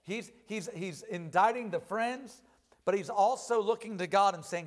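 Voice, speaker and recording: A man with a notably high speaking voice delivers a sermon. He reads scripture aloud slow and weighty, pressing harder on each line, then drops back into plain explanation. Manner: reads verses slowly with rising emphasis. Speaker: preacher.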